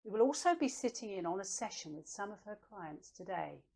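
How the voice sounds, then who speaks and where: A woman's voice: medium pitch, animated, brisk, vocal fry, a little mellow, slightly rough. A woman playing a polite, eager TV presenter with a prim, courteous way of talking. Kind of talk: comedy sketch acting.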